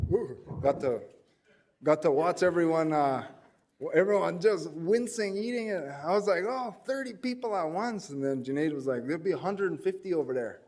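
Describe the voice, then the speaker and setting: A man's voice: on the high side, a little mellow. A man presenting at an education forum, telling rambling, self-deprecating anecdotes with many restarts. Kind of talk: anecdotal storytelling talk.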